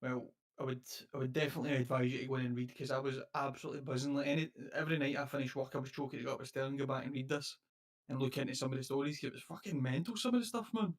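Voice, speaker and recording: A man's voice: mid-range voice, rapid-fire. A man with a Scottish accent, co-hosting a podcast in casual, rambling chat with plenty of swearing. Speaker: podcast co-host.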